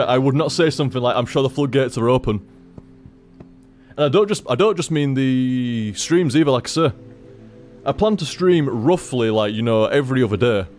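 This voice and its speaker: A man chats loosely to his stream audience from his computer at home, in a middling-pitched voice. He swears freely, circles back and repeats his phrases, and a little music sits faintly underneath. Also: a little mellow. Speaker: game streamer. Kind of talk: rambling casual chat to stream viewers.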